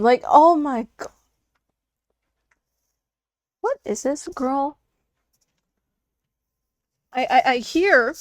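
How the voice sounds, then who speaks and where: High-voiced, profane young woman streamer. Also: slow pace, pauses often, dry recording, clean studio sound. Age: young adult. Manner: animated, profane, rambling. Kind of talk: casual reaction chat.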